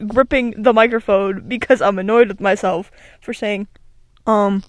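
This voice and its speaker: A young woman, a video creator, chats casually on her own into a desk microphone fitted with an echo filter, rambling, giggling and interrupting herself with many restarts. Her voice sits at a medium pitch with a steady tone and a moderate pace, and there's no echo.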